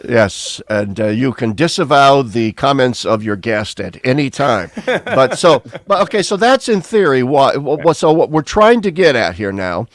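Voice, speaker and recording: Frank, animated priest with a dry sound. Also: male voice, medium pitch, moderate pace, no room sound. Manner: frank, animated, with many restarts. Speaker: priest podcast co-host. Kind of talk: casual chat.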